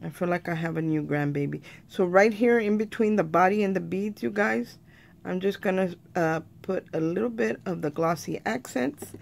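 A woman explains a craft project step by step in a relaxed, chatty way, often turning to her viewers as "you guys". Her voice sits a little low and carries a gravelly fry. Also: normal speed. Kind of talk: casual craft tutorial.

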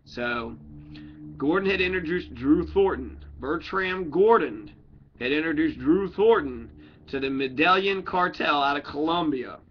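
A man's voice: a little high, animated, unhurried, lo-fi sound, a little hiss or hum. A man reading a crime book aloud in a casual way, often breaking off for joking tangents and correcting his own slips. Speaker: audiobook reader. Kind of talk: casual read-aloud with rambling asides.

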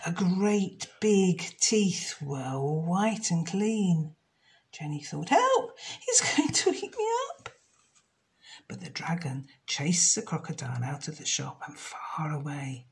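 A woman reads a children's storybook aloud at an unhurried pace. Her voice is on the low side but lilts up and down expressively. She drops into a soft, breathy hush at suspenseful moments. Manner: slow, expressive and lilting.

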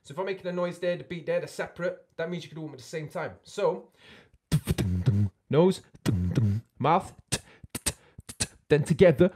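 A man's voice: a little high, steady tone, racing, hardly any pauses, loud music behind the voice. A man teaching a beatbox workshop from his home studio. He keeps checking in with his learners with "yeah?" and "okay?". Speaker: beatbox tutor.

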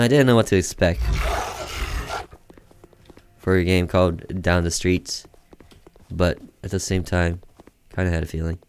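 Man joking through a horror game, unhurried. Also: low voice, a little hiss or hum. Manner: joking, deadpan sarcastic asides. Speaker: gaming video creator. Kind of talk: let's-play commentary.

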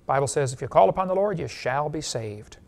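A male evangelist preaching a sermon, an animated storyteller who laughs at his own jokes and appeals directly to the listener. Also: fairly high pitch, brisk, vocal fry.

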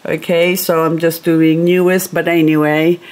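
A middle-aged woman chatting casually at home in a soft, slow way, now and then baby-talking to her pet bird. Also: low voice, flat delivery. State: grieving, recently teary. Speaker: gardening vlogger. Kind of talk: casual chat to camera. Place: home, indoors.

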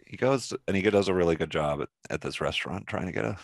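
A man's voice: deep voice, fast, gravelly, no echo. A man co-hosting a podcast, laid-back and agreeable, adding chuckling asides to the chat. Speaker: podcast co-host. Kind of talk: casual movie chat.

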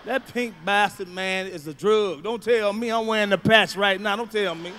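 A male stand-up comedian, delivering a profane routine with shouted punchlines. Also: high voice, normal speed, a little hiss or hum.

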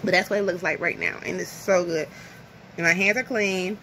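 A woman's voice: lowish voice, fairly even intonation, moderate pace, fairly bright tone, a little hiss or hum. Chatty woman vlogging over lunch. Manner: chatty, rambling, nervous laughter. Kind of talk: casual chat to camera. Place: home, indoors at lunch. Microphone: phone camera.

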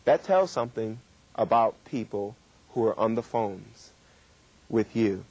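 A middle-aged man giving a workshop lecture on communication, with emphatic, drawn-out stresses. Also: lowish voice, expressive, darkish tone, husky. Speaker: communication trainer.

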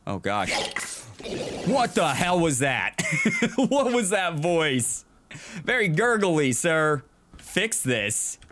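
A man's voice: a little high, big pitch swings, slow, a bit bright. A man hosting a let's play, giving casual gameplay commentary, chatty and jokey, reacting aloud and chuckling often.

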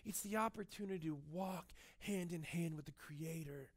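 Man preaching, storytelling with a high voice. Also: normal speed. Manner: storytelling, with frequent fillers and restarts. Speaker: pastor. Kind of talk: sermon.

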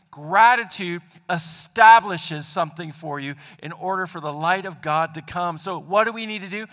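High, bright-voiced preaching man. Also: a little slow, few pauses. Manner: emphatic, builds repeated lists. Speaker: pastor. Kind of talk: sermon with a told story. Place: church sanctuary. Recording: long hall reverb.

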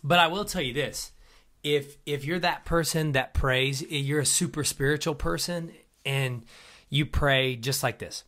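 A man's voice: on the high side, a little slow, fairly bright tone. Young guy cohosting a christian podcast, jokey, keeps laughing. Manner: joking, laughs often. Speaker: podcast co-host. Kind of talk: casual faith chat.

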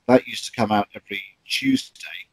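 A man's voice: on the low side, steady tone, moderate pace, slightly rough, dry recording, low-quality recording. A man, a stage actor recalling stories in an interview, chatty with many ums and restarts. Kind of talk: interview anecdotes.

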